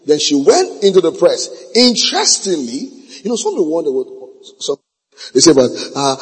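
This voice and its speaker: A man preaching a sermon at a meeting, emphatic, repeating key phrases and drawing words out slowly. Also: a little high, huge pitch swings, husky. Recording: long reverb of a large hall.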